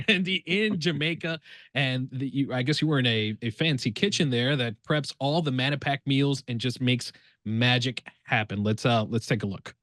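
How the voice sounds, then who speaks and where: A man's voice: mid-range voice, normal speed, a bit bright, no echo. A man hosting an interview in a studio, jovial and playful. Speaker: show host.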